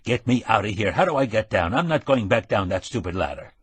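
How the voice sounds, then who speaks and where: A man's voice: lowish voice, sing-song, a little fast, a little hiss or hum. A man playing a grumpy, indignant middle-aged man. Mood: irritable. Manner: irritable, gruff, indignant.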